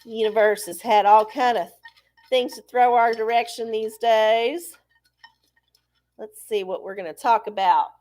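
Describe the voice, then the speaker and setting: A woman's voice: fairly high pitch, fairly even intonation, unhurried, darkish tone. A woman hosting a live stream, chatting casually in a blunt, profane, rambling way. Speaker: host of a live oracle stream. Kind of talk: casual livestream chat.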